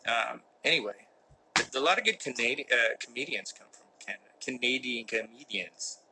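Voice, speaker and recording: Middle-aged man, casual live Q&A, mock-serious humor, very bright edgy tone. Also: mid-range voice, lively intonation, normal speed, slight background noise, poor audio. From United States. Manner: reads fan questions aloud, joking and mock-serious. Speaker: actor hosting a live Q&A. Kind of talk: casual live-stream chat. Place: indoor room with a window that does not open.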